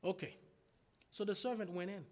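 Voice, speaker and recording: A man's voice: high voice, normal speed. A man preaching a sermon, emphatic, asking rhetorical questions and retelling stories in voices.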